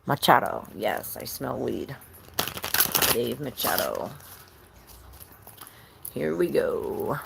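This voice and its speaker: A woman's voice: very deep voice, sing-song, slow pace, creaky, pauses often, very noisy. A woman giving a live-streamed tarot reading, rambling and chatting with viewers between cards. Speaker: tarot reader.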